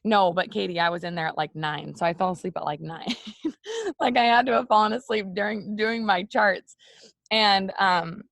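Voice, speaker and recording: A woman's voice: mid-range voice, moderate pace, creaky, fairly bright tone, no echo, clean studio sound. A woman hosting a casual morning video chat, speaking openly and directly to her viewers as "you guys", with many "like" and "you know" fillers. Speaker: host of a morning live video for women.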